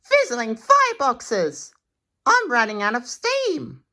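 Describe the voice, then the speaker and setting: A woman voicing an excitable little male tank engine in a storybook reading, squeaky and exclamatory. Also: very slow, exaggerated voice. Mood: excited.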